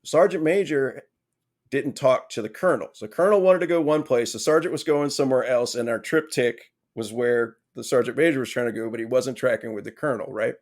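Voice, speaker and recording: A man on a podcast telling a long anecdote in a casual way, with lively, self-mocking humor and frequent "right?" asides. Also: mid-range voice, brisk. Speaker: podcast guest.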